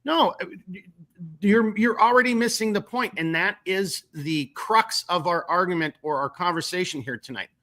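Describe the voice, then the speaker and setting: A man's voice: sits high, moderate pace, sharp tone. A man with a Minnesotan accent hosting a casual political podcast, rambling with many restarts and casual swearing. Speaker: podcast host.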